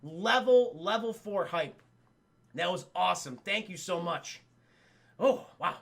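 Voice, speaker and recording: A man recaps a cartoon for his livestream chat in a casual, energetic way and swears freely. His voice is gravelly with a bright, edgy tone. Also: sits high, a little slow. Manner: profane, energetic, addresses chat. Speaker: streamer reviewing cartoons.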